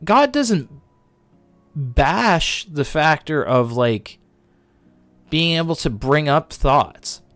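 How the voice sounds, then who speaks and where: A man hosting a casual Bible talk on a livestream, animated and full of fillers. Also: a little high, drawn-out words, long pauses, soft background music. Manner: animated, filler-heavy, lots of likes. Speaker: livestream host.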